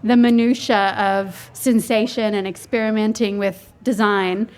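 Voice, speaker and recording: A woman's voice: medium pitch, fairly even intonation, a little slow, darkish tone. A woman hosting an interview, asking thoughtful questions outside a surfboard factory. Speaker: podcast host.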